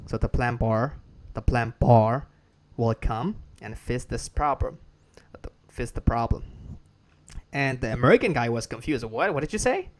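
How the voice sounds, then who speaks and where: A man's voice: mid-range voice, fairly even intonation, a little slow. Burmese-accented man teaching English pronunciation. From Myanmar. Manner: repetitive, restarts phrases, drills words for copying. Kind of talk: casual spoken lesson.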